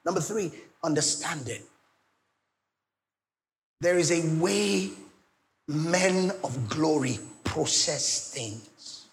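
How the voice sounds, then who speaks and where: A middle-aged Nigerian man preaching a sermon, swinging between loud declarations and soft pleading asides. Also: on the high side, drawn-out words, long pauses. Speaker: pastor.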